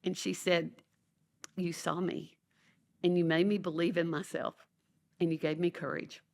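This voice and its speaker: Her voice runs low, a little slow and slightly mellow, with a creaky texture, flat delivery, and long pauses. The Louisiana-born educator and author, appearing as a podcast guest, tells stories animatedly in a conversational style and acts out the voices of those she quotes.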